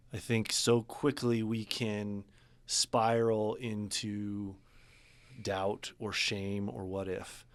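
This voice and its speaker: Earnest man, animated storyteller. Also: on the low side, clean tone. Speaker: business coach, podcast guest. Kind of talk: casual interview talk.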